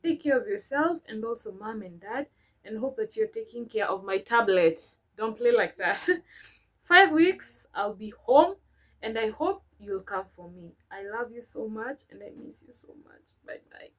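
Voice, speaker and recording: A woman's voice: mid-range voice, animated, moderate pace, low-quality recording. A young woman, a vlogger reading her old letters aloud and breaking off to chat about them sentimentally. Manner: sentimental, chatty asides between read lines.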